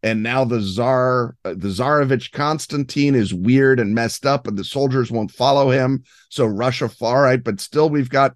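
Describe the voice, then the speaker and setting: A man talking as a guest on a gaming podcast, erudite and expansive, with a scattering of fillers. His mid-pitched voice is recorded close and dry. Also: moderate pace, few pauses, no room sound. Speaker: guest game designer. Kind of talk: podcast interview.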